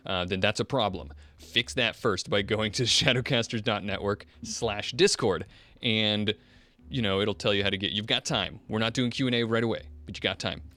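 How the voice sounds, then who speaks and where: A man's voice: on the low side, moderate pace, sharp tone. A man hosting a podcast in casual chat, rambling and self-deprecating, with many fillers and laughs. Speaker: podcast host.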